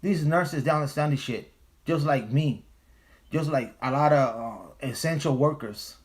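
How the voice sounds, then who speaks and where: Speaking at a measured pace in a slightly high voice, an American livestream host hammers his points home with profanity and repeated phrases during a casual stream.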